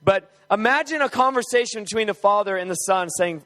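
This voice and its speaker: A man preaching an animated, humorous sermon, telling stories with energy. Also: high-pitched, fairly quick, few pauses.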